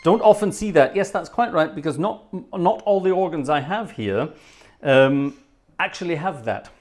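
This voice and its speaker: A man's voice: on the high side, expressive, moderate pace. A man hosting a live stream from his home organ studio, chatting cheerfully and reading out names from the chat. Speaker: livestream host and organist. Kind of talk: casual live-stream chat, greeting viewers.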